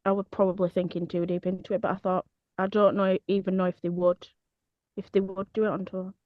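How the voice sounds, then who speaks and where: A British woman in casual podcast chat who hesitates and trails off. Her voice is mid-pitched. The audio is dry and a little muffled. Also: flat delivery, a little fast, no room sound. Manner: hesitant, trails off as she speaks. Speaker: podcast co-host.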